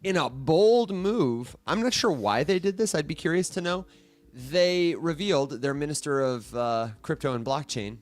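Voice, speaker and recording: A man's voice: a little high, moderate pace. A man co-hosting a morning show, musing aloud and asking rhetorical questions in casual chat.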